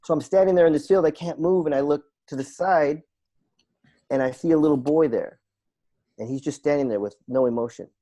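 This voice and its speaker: A man's voice: fairly high pitch, fairly quick, mellow. A man, a podcast guest and coach, telling a personal story in an earnest, reflective way and repeating phrases for emphasis.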